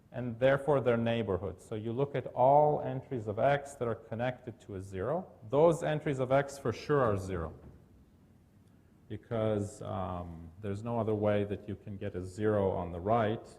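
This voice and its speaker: Man, lecturer, lowish gravelly voice, thoughtful academic talk, lots of ums. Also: a little mellow. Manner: thoughtful, with many fillers and restarts. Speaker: workshop lecturer.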